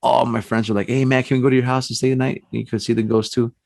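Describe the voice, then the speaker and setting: A man telling a personal ghost story on a podcast, animated and acting out the voices in his tale. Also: medium pitch, fast, gravelly, no room sound. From San Antonio, Texas. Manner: animated storyteller, acts out quotes, frequent restarts and "man". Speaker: paranormal investigator guest.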